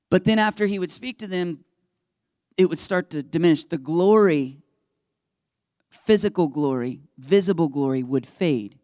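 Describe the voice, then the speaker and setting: A male pastor giving a casual, animated sermon in a church, acting out the people in his stories. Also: high-pitched, moderate pace, dry recording, studio quality. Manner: animated storytelling, acts out voices. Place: church sanctuary under stage lights.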